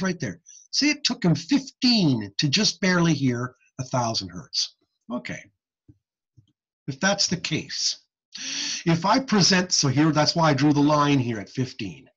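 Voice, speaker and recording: A man giving a recorded audiology lecture over slides, teaching deliberately and checking in with "okay?" often. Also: fairly high pitch, big pitch swings, fairly bright tone, slightly rough, highs cut off.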